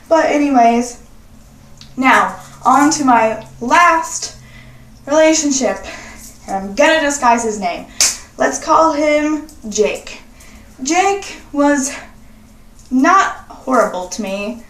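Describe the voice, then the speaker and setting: A young woman with a slightly high voice talks slowly and sassily, swearing freely as she chats to her viewers. She sounds set back from the mic, and the room's echo rings around her words. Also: expressive, fairly bright tone. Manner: sassy and profane, chatty. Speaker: vlogger. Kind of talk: casual confessional chat. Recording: roomy echo, distant from mic.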